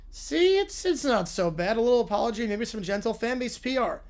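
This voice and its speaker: Man, streamer, narrating, playful, animated asides. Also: very high voice, a little fast, hardly any pauses. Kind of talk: live-stream reading and reacting to a story.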